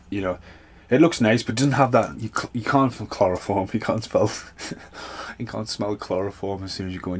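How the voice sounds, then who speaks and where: A man's voice: fairly low pitch, slightly rough. A man hosting a podcast, rambling through a casual, sweary solo rant. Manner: rambling, sweary, animated storytelling. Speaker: podcast host.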